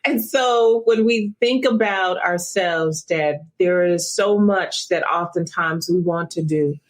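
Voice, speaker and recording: Female coach, motivational talk, unhurried and measured delivery. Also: lowish voice. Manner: slow and measured. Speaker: speaker and coach. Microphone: camera in a room.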